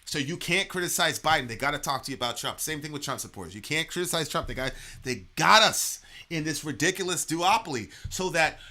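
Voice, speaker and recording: A man whose voice is a little high talks briskly with few pauses as he rants heatedly about politics. The delivery is animated and profane, packed with fillers and restarts.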